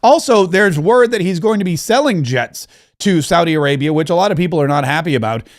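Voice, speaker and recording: A man hosting a political commentary show in an animated, chatty way, often repeating phrases. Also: a little high, brisk.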